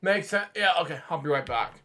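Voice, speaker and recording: A man with a notably high voice hosts a casual reaction stream. He talks straight to his viewers between clips and keeps cutting in with amazed little interjections. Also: lively intonation, a little fast, bright, forceful tone. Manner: interjects repeated "wow" reactions. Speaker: reaction channel host.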